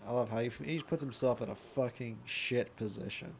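Man, casual film commentator, enthusiastic and profane, mid-pitched, faint noise under the voice. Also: a little fast. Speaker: movie watch-along commentator. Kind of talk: casual chat over a film.

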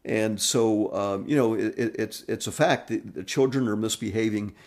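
Podcast guy rambling through a story, low gravelly voice, lots of you-knows. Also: steady tone, moderate pace, darkish tone. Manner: rambling, many fillers and restarts. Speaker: podcast host. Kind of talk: storytelling monologue.

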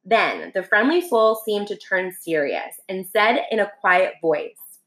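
A woman narrating a storybook in a gentle, unhurried way. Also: mid-range voice, sing-song. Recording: roomy echo.

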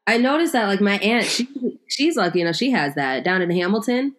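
A woman's voice: mid-range voice, big pitch swings, fairly quick. A young adult woman in casual chat as a podcast co-host, rambling with lots of "like" and restarts.

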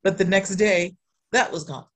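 A woman shares a personal testimony in sermon style. She tells the story in an animated way and leans on repeated refrains to drive her points home. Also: mid-range voice, normal speed.

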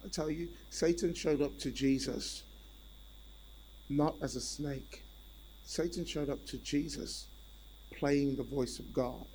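A male preacher delivers a sermon with a slightly high voice. He repeats key phrases and calls out to his listeners for responses. His delivery swings between soft asides and forceful emphasis. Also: slow, long pauses, a little hiss or hum, rough recording. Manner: animated, repetitive, calls on the congregation.

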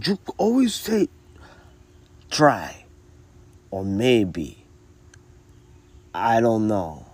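A man's voice: lowish voice, wildly swooping pitch, extremely slow, pauses often, breathy edge, no echo. A man co-hosting a casual podcast, rambling loosely, ending his phrases with "man" and drifting into motivational advice. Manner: preachy motivational talk. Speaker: podcast co-host.

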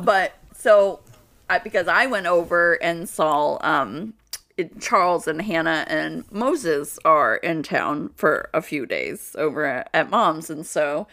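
A woman's voice: lowish voice, fairly bright tone. A young woman co-hosting a casual chat podcast, rambling through stories and laughing often. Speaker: podcast co-host.

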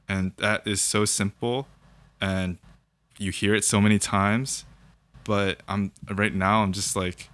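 Man, young adult, low pitch, bright tone, reflective, casual faith talk. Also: level tone, measured pace. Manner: reflective, thinks aloud with fillers and repeated "right?". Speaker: guest sharing his faith story. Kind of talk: casual conversation about faith.

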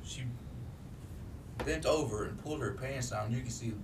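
A man in casual chat who tosses in blunt, crude remarks and quick impressions. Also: mid-range voice, recorded from a distance. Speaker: podcast co-host. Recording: off-mic with clear background noise.

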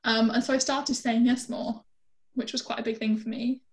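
A British woman telling a travel story as a guest, chatty and lively with lots of fillers. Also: a little high, normal speed. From Britain. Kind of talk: casual storytelling chat.

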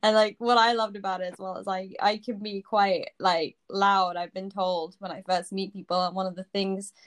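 A woman's voice: mid-range voice, level tone, moderate pace. A young woman in casual chat, talking about travel with many fillers and laughs. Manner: chatty, frequent fillers and laughs.

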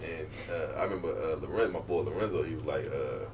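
A man's voice: rumbling low, fast talker, a little mellow, distant mic. A young man casually telling a long story, laughing often and acting out what others said. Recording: noisy room, mic set back.

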